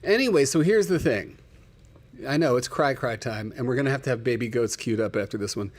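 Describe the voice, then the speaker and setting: A male livestream host chatting casually at an average pitch, telling heartfelt personal stories. He talks with open emotion and calls out his viewers by name. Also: lively intonation, a little fast.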